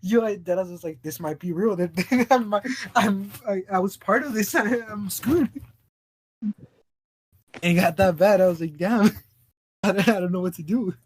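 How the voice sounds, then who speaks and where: High-voiced and husky, a man co-hosts a podcast at a measured pace with frequent pauses. His story comes out rambling, full of false starts and plenty of laughter, in a casual chat.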